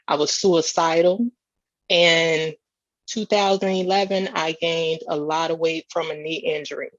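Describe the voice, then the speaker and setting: A woman's voice: low voice, dry recording, highs cut off. A woman speaking earnestly as a keynote speaker, sharing a personal testimony with repeated emphatic phrases.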